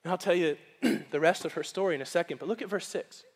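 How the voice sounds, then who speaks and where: A man preaching as pastor, telling a story with lively acted-out voices. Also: sits high, fast talker, big-room sound. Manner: animated storytelling, acts out quoted voices. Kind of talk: storytelling sermon. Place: church sanctuary.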